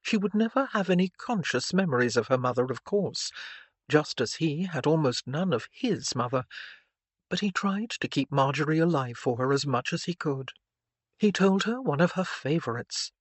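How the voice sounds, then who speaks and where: A man narrating an audiobook in a measured, even reading style. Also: fairly high pitch, no echo. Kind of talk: scripted narration.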